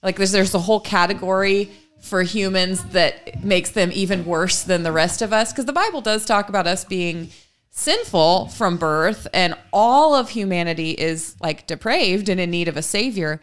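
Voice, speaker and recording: Lady podcast host, chatty and animated, laughs a lot. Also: mid-range voice, moderate pace. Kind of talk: casual chat.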